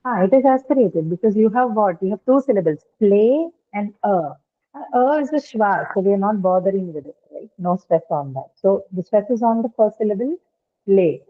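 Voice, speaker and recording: A woman's voice: medium pitch, animated, a little fast. A woman teaching an online lesson, explaining patiently and checking in with "right?". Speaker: English teacher. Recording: tinny phone-like call audio.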